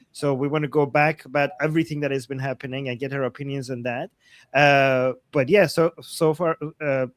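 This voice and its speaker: A man hosting a live online show in a loose, rambling way, stopping and restarting his sentences. His voice sits a touch high for a man. The sound is close and dry, with no room around it. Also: dry recording. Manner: rambling, many restarts and fillers. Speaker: host. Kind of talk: casual livestream hosting.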